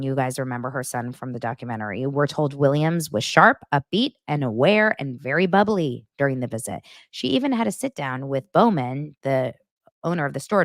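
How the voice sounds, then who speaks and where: Young woman gossip host, low-pitched, dry close recording, casual and chatty. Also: no echo. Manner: chatty, animated, jumps between stories with asides. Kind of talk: casual celebrity gossip chat.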